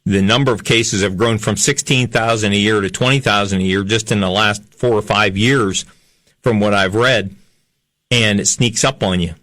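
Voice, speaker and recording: A man in his fifties hosting a health talk show, speaking earnestly and haltingly with frequent pauses. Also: on the low side, fairly bright tone, no echo. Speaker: health show host, chiropractor. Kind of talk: radio health talk monologue.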